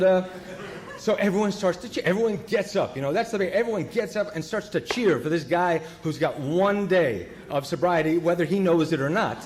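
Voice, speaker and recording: A man with a somewhat high-pitched voice tells a personal story to a recovery meeting. He talks in a halting way, with fillers, restarts and corrections, and he undercuts himself with wry humor. A faint hiss sits under the recording. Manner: wry, self-deprecating humor. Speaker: guest speaker at a recovery meeting.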